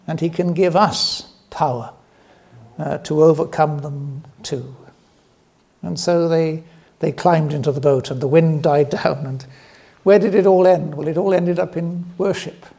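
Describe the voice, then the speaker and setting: A man preaching a sermon, telling a family story in a gentle, earnest way and slowing down softly for emphasis. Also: a little high, gravelly.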